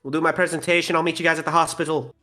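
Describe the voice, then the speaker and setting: Man doing a Twink: yelling, bossy gnome inventor. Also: fairly high pitch, little pitch movement, very fast. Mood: gruff. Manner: barking orders, yelling. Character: irate male gnome inventor, bossy and short-tempered.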